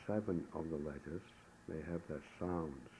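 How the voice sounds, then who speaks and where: A man giving a recorded language lesson, saying the sounds slowly and deliberately, one syllable at a time. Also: extremely low pitch, mellow, low-quality recording. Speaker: language teacher. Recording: old tape recording with faint hiss.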